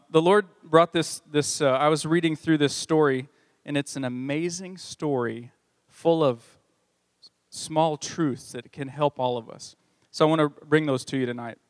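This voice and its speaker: A man's voice: a little high, no echo. A man preaching a sermon as pastor, reading scripture with a conversational manner and joking asides. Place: church.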